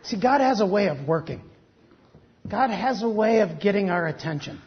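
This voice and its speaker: A pastor preaching, reading a story slowly and then breaking into quick, joking asides. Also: medium pitch, animated, a little hiss or hum. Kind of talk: sermon with a story read aloud. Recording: dull lo-fi recording.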